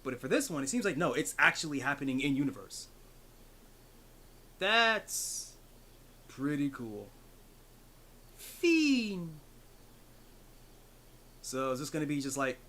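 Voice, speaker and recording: A man's voice: medium pitch, sharp tone. A man streaming a retro video game, chatting casually, rambling through asides and swearing freely. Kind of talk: casual gaming commentary. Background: game music.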